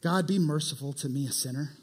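A man voicing a humble tax collector who quietly pleads for mercy in prayer. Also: sits high, sing-song, moderate pace, breathy edge, full character voice. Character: humble, contrite male tax collector praying.

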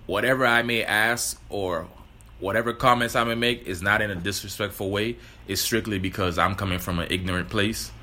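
A man co-hosting a casual podcast interview, talking in a relaxed, candid and chatty way. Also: lowish voice. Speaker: podcast co-host.

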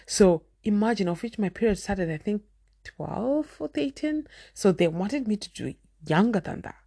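A woman's voice: medium pitch, animated, moderate pace, gravelly, mellow, no room sound, studio quality. A Zimbabwean woman talking candidly to camera about parenting, earnest and emphatic, repeating her key points. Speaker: parenting vlogger. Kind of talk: candid personal talk to camera.

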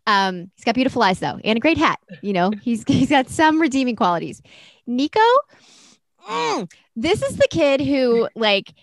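Higher-voiced woman, casual and animated. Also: normal speed, no room sound. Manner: animated, swears freely, acts out mocking quotes. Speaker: podcast co-host. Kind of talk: casual chat.

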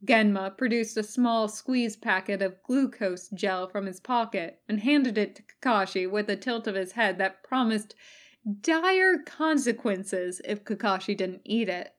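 A woman reading fan fiction aloud as a recorded podfic, in calm, even narration. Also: mid-range voice, a little slow. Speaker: podfic reader.

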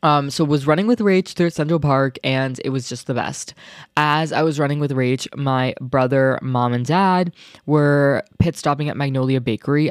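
A young man hosting his own podcast, chatting casually and excitably in a rambling way with lots of filler words. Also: mid-range voice, clean tone, dry recording, clean studio sound. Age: young adult. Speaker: podcast host. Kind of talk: casual solo podcast chat.

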